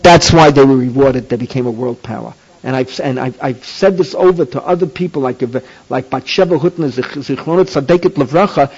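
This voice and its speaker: A man with a husky, medium-pitched voice teaches a Torah class, speaking emphatically and repetitively. He fires off questions and keeps repeating key phrases. The sound is a dull, lo-fi tape recording.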